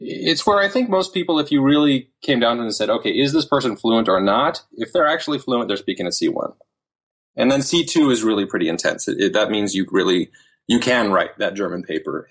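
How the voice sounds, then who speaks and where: A man in his thirties, a language learning author, chatting casually as an interview guest with lively quoted asides. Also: fairly low pitch, breathy edge. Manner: animated storytelling with quoted asides.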